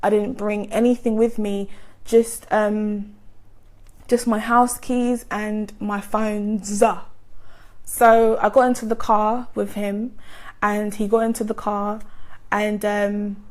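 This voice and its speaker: A woman with a gentle voice, telling a personal story in a chatty vlog style full of likes and ums. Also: mid-range voice, level tone, slow. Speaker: vlogger. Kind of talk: casual storytime monologue.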